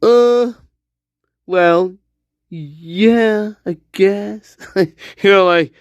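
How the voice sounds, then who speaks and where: A man with a high voice hosts a casual livestream, talking slowly and teasing with crude jokes. He laughs often between his remarks. The sound is close and dry. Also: dry recording, muffled recording. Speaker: livestream host.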